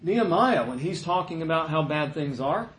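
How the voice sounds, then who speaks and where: A man delivers a sermon in a relaxed, conversational way, slipping into mocking voices for the complainers in the scripture. His voice sits a little high. The room around him has a noticeable echo. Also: moderate pace. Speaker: pastor. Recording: echoey room.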